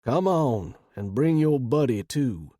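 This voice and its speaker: A man's voice: medium pitch, animated, slow pace, mellow, no echo, clean studio sound. A man voicing a blustery homeowner who scolds in colloquial speech, in an audiobook. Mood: welcoming.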